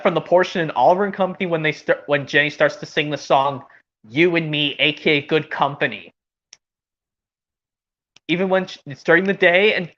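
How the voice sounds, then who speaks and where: A woman's voice: on the low side, a bit bright. A woman chatting casually and rambling with enthusiasm between voice impressions. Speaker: streamer doing voice impressions. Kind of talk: casual chat. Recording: dull lo-fi audio.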